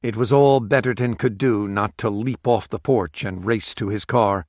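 A man reading a story aloud as audiobook narrator in a steady, measured way. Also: fairly low pitch, dry recording, clean studio sound. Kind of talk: scripted narration.

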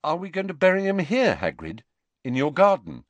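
A man voicing a calm, tactful teenage schoolboy in a gentle, reassuring way. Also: fairly high pitch, moderate pace, no echo, muffled recording, pitched above the performer's own voice.

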